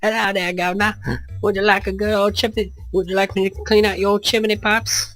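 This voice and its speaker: A man voicing a cheery male Cockney chimney sweep in an exaggerated, clumsy mock Cockney, raised well above his usual pitch. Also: level tone, a little fast, a bit bright, faint music behind. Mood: chirpy.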